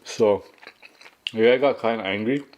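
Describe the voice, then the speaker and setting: A man's voice: lowish voice, a little slow, muffled recording, a little hiss or hum. A young man from Canada telling a casual story while eating, chatty and full of fillers. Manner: chatty, filler-heavy storytelling with acted quotes. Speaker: mukbang vlogger.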